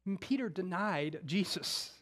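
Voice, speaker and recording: A man preaching a conversational sermon, acting out scripture quotes and moving between loud emphasis and hushed, intimate moments. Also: sits high, animated, unhurried. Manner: conversational, with casual slang.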